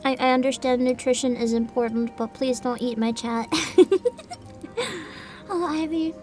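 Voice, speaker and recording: A woman livestreamer chatting casually with her viewers while she eats, laughing often and describing herself as loud. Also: high-pitched, fairly even intonation, a little slow, soft background music. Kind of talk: casual chat while eating.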